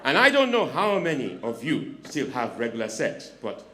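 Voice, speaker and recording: A man performing stand-up comedy on a club stage, teasing the audience and swinging between hushed asides and sudden shouts into a handheld mic. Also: mid-range voice, wildly swooping pitch, moderate pace.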